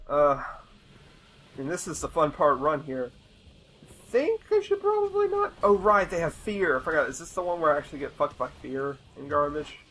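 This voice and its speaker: Young american guy ranting over gameplay, kinda high voice, swears a lot. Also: a little fast, pushed and bright, breathy edge, rough recording. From United States. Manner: rambling, profane, easily exasperated. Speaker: gameplay commentator. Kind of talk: casual gameplay commentary.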